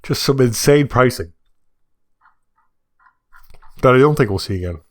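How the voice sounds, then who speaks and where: A man talks through a solo podcast episode at a mid pitch, rambling and correcting himself as he goes. His voice gets excited in quick asides. The sound is dry and close, with no room around it. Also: dry recording. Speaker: podcast host. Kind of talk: casual solo podcast monologue.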